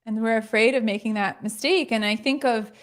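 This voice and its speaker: A woman's voice: fairly high pitch, fairly even intonation, a little fast. Bubbly chatty woman host. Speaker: show host. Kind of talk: casual livestream chat.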